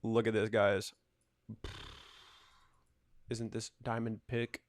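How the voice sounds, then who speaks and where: A man's voice: fairly low pitch, level tone, takes it slowly. A young man chatting casually over his gameplay, rambling, joking and ranting about whatever comes up. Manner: rambling, jokey, ranting asides. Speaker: gaming YouTuber.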